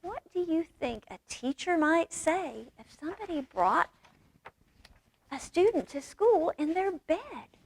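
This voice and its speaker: A woman reading a children's picture book aloud at a library storytime, lively and expressive with character voices. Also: very high-pitched, a little slow. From United States.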